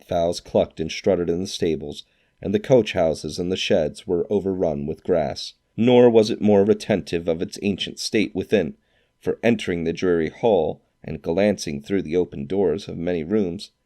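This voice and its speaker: A man reading a classic novel aloud as narrator, in an expressive storytelling manner. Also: sits low, normal speed. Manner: expressive storytelling, acts out quoted lines.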